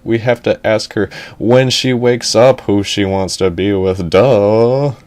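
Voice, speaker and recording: A man voicing a bossy pirate captain in an animated comedy story, scolding his crew in an exasperated tone. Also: fairly low pitch, slow pace.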